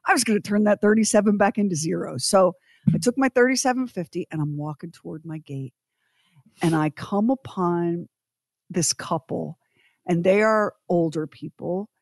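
Expressive woman telling a story. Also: lowish voice, moderate pace, no room sound, clean studio sound. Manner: expressive, emphatic, swings to loud indignation. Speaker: guest storyteller. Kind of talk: animated personal storytelling.

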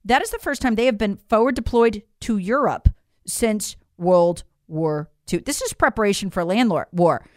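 A woman's voice: mid-range voice, expressive, normal speed, a little mellow, no echo, studio quality. A woman delivering an emphatic, incredulous political opinion monologue straight to her viewers. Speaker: political commentator.

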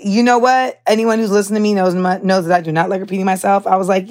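A young woman hosts her podcast in casual chat. She talks candidly and with animation, full of fillers and the odd curse. Her voice sits at an ordinary middle pitch. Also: fast talker, few pauses. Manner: candid, animated storytelling with profanity and many fillers. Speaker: podcast host.

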